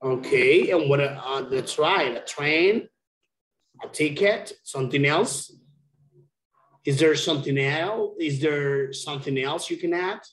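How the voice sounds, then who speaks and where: A man's voice: on the high side, slow, a bit bright. A man teaching an English lesson over a video call, speaking patiently and repeating key words. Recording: roomy echo.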